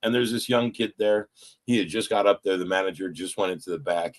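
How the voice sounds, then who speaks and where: Sharing at a recovery meeting, a man tells a personal story in casual, profane speech, acting out what people said to him in quoted voices. His voice is low, his pace a little fast, and his delivery animated.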